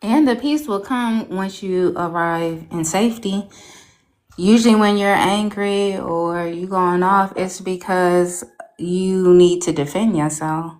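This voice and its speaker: A woman taking part in a live talk, explaining her point in a calm way. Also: on the low side, takes it slowly. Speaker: participant in the talk. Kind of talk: casual chat.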